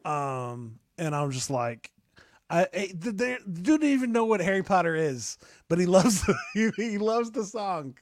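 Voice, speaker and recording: A man's voice: high voice, animated, a little slow, no room sound. Young male host, casual and rambling, talks about his kid, dry sound. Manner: rambling, with many fillers and restarts. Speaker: podcast host. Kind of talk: casual chat.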